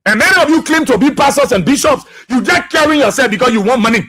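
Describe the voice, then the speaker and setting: Liberian radio host guy, high bright husky voice, fired up and repeating himself. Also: lively intonation, fast talker. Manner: repetitive, impassioned, laughing jabs at opponents. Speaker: radio station boss and talk show host. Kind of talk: heated political talk radio.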